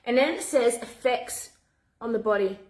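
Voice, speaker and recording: Aussie mum in her 40s vlogging, kinda high voice, lively bursts, roomy echo. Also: normal speed. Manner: animated, talks in bursts with restarts. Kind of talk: casual chat to camera. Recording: echoey room.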